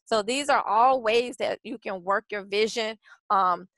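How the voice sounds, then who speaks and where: A woman's voice: medium pitch, measured pace, fairly bright tone, no room sound, poor audio. A woman presenting a branding workshop in a chatty, casual way, with frequent restarts and fillers. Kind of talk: casual webinar teaching.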